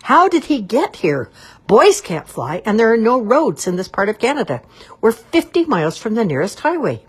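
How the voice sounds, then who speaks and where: Storybook read-aloud: woman doing a pompous, hot-tempered cob swan, deep, breathy edge. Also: animated, moderate pace, darkish tone, heavily acted. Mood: shouting. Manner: pompous, indignant complaining. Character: proud, fussy, quick-tempered male swan.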